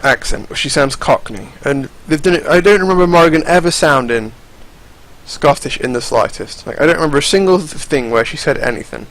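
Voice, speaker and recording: A man's voice: a little high, a little fast, a bit bright, rough recording. A young man giving casual, rambling, profane commentary over fighting game footage, often restarting his sentences.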